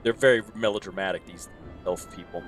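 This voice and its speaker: A man's voice: sits low, fairly even intonation, fairly quick, a bit bright. A man co-hosting a game stream, chatting casually, teasing his partner and laughing often. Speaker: streamer and co-host. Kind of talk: casual gaming chat. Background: video game music.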